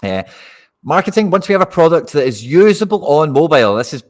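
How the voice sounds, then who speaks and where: A man's voice: on the high side, very animated, fairly quick. Chatty Scottish man hosting a stream. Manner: chatty, addresses viewers directly. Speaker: host of a live fantasy football stream. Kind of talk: casual live-stream chat.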